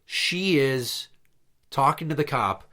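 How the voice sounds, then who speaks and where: A man's voice: medium pitch, lively intonation, slow pace, pushed and bright. Blunt, profane man telling a story. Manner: blunt, profane, exasperated retelling. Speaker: podcast host. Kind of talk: casual storytelling chat.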